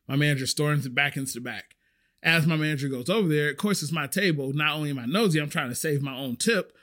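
A man's voice: fairly high pitch, fast. A man hosting a podcast, telling stories casually and acting out the people in them. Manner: animated, acts out the voices of people in his stories. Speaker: podcast host. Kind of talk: casual storytelling.

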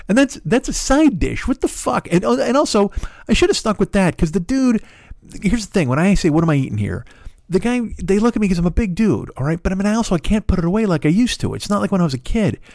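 A man's voice: mid-range voice, darkish tone, no echo, studio quality. A man hosting a podcast, ranting in a profane, exasperated and rambling comedic way. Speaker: podcast host.

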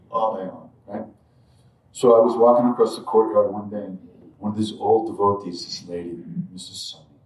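A man telling a personal spiritual story to an audience in a reflective, halting way, with frequent asides. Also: fairly low pitch, a little mellow. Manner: reflective, halting, many asides like "you know" and "right". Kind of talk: live storytelling talk to an audience. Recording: roomy echo, distant mic.

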